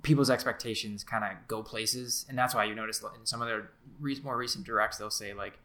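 A man's voice: fairly low pitch, fairly even intonation, brisk, pushed and bright. A man co-hosting a gaming podcast, talking casually with lots of hedges and "right?" checks. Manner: chatty, hedging, many "like" and "right?". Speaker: podcast co-host.

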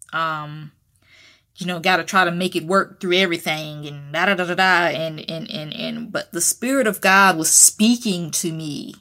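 A woman's voice: fairly low pitch, bright, forceful tone. A woman hosting a podcast, talking candidly and casually about her own life with colloquial phrasing and frequent restarts. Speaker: podcast host. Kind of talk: casual personal talk.

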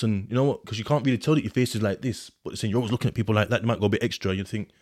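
A man's voice: rapid-fire, hardly any pauses, darkish tone, no room sound, clean studio sound. A man, talking through his prison experiences in a rambling, casual monologue full of slang and fillers, now and then reading from a report. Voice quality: deep voice. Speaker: podcast host telling his prison experiences.

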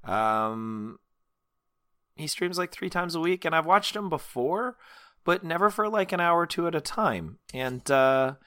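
A man in his thirties trading jokes on a podcast, laughing often. His voice is bright and animated, with wide swings in pitch. The sound is dry and close. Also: a little slow, clear, resonant tone, no echo. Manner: playful, joking, laughs often. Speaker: podcast co-host. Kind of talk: casual chat.

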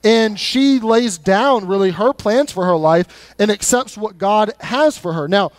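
A male pastor preaching a sermon in a church in a conversational, animated way, often repeating words as he goes. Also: sits high, measured pace, no echo. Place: church sanctuary.

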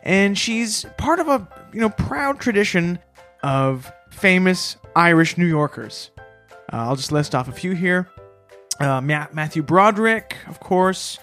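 A man co-hosting a comedy podcast in a dry, deadpan style. He delivers mock-earnest tributes in an unhurried, casual chat. A light bed of music sits faintly behind him. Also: high voice. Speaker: podcast co-host.

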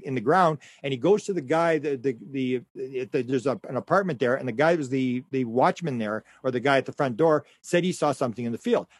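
A middle-aged man's slightly high voice spills out story after story, rambling and restarting as he goes. He acts out the people he quotes along the way. The sound is close and dry, with no room around it. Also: no echo. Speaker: guest. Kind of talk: conversational storytelling.

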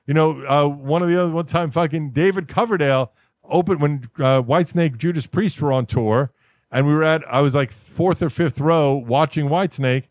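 Laid-back swearing podcast host, dry sound. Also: male voice, on the high side, moderate pace, dry recording. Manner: laid-back, swears often, name-drops. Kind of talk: casual podcast chat.

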